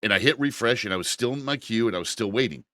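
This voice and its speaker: A man co-hosting a casual podcast, telling an animated, exasperated story with frequent profanity. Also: medium pitch, quick pace, dry recording, clean studio sound. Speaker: podcast co-host. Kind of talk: casual chat.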